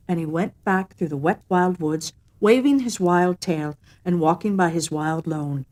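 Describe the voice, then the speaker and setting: A woman reading a classic storybook aloud in a rhythmic, gently repetitive telling. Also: lowish voice, measured pace, few pauses.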